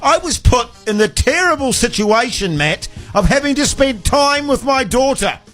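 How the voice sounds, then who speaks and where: A New man in his forties hosts a radio show, spinning chatty stories with exasperated asides. His voice sits high for a man. Faint music runs underneath. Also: very animated, normal speed, fairly bright tone. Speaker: radio host. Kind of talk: casual radio banter.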